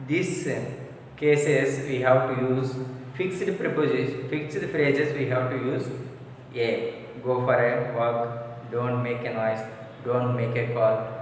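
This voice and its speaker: A man's voice: medium pitch, steady tone, takes it slowly, slight background noise. A man teaching grammar, repeating example phrases aloud in a drilling classroom manner, recorded in an echoey hall from a distance. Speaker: English teacher.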